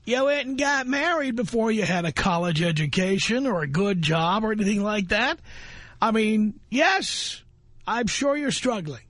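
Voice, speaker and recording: A man's voice: high voice, expressive, normal speed, a bit bright, no echo. Sarcastic, scolding male radio host. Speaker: radio talk show host. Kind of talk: talk radio monologue.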